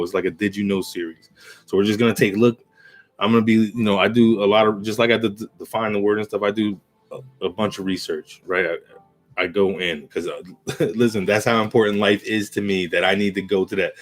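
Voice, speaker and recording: Rambling man preaching casually to camera. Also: lowish voice. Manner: rambling storyteller, asks "right?" often. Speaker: video host.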